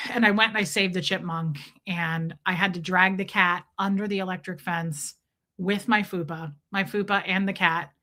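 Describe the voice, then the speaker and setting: Woman streamer, casual rambling joker, bright and sharp-toned. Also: fairly low pitch, fairly even intonation, moderate pace. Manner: rambling, jokey storytelling. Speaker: livestream host. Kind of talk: casual chat with viewers.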